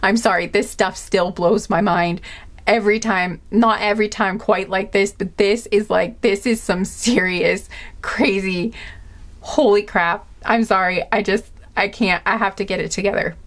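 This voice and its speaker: A woman reading tarot cards to camera in a casual, rambling way, excitable and full of filler words. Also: mid-range voice, measured pace. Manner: chatty and rambling, with many "like" fillers; excitable, easily amazed. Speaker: tarot card reader and channeler.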